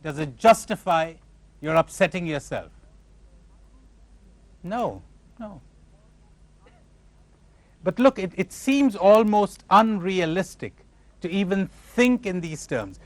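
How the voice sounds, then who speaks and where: Animated man giving a spiritual talk. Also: high voice, slow, pauses often, dry recording. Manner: animated, questioning listeners, acting out imagined replies. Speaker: spiritual teacher. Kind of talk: spiritual lecture to a live audience.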